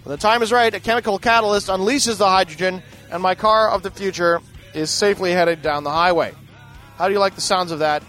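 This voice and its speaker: A man's voice: high-pitched, fairly bright tone. A man reading tech news aloud and breaking off into profane, sarcastic asides as a podcast host.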